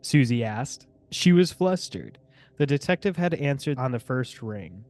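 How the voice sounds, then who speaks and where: A man's voice: medium pitch, big pitch swings, measured pace, a little mellow. Young male podcast co-host, casual chat, reads aloud and mocks the text. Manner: reads the article aloud, then breaks off to mock it, laughing.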